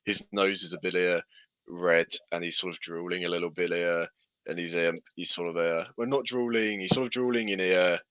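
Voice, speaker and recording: A man's voice: deep voice, fairly even intonation, fairly quick, a bit bright, slight background noise, poor audio. A man narrating as game master, hesitant with many fillers.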